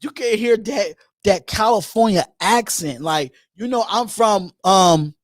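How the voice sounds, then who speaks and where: Philly guy hosting a live call-in show, high voice, dry close mic, loose and animated, repeats lines. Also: measured pace, dry recording. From Philadelphia. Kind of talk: casual live-stream chat.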